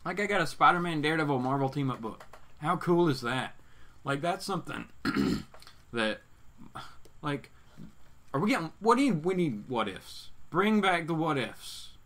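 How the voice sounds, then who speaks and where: A man's voice: on the high side, big pitch swings, moderate pace, fairly bright tone. A man hosting a casual comics talk stream, reading out viewer comments and rambling through his opinions with plenty of fillers and restarts. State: hiccups. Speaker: host of a comics talk show.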